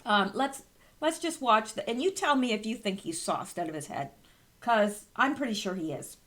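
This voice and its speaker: A woman's voice: fairly high pitch, lively intonation, moderate pace, a bit bright. A woman hosting an online commentary show, reading news aloud with scornful, incredulous remarks. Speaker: channel host.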